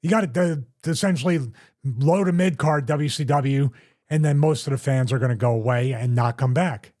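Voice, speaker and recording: A man hosting a casual podcast, measured and reflective, thinking his points through aloud at a studio microphone. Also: medium pitch, a little mellow. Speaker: podcast host.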